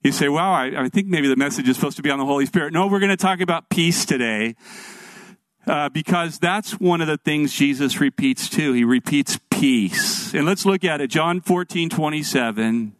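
A middle-aged male pastor preaching a sermon, telling stories in an animated, earnest way. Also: fairly high pitch, moderate pace, no echo.

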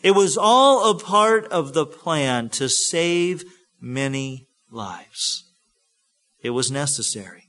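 A man preaching a sermon as a pastor, acting out scripture scenes with big swings from hushed to loud. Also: a little high, lively intonation, takes it slowly.

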